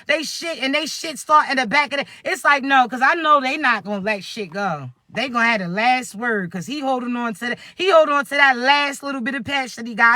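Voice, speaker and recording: A man giving a casual spiritual reading to his viewers, slangy and animated, who keeps asking if they understand. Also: extremely high pitch, no room sound, clean studio sound. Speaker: spiritual reader.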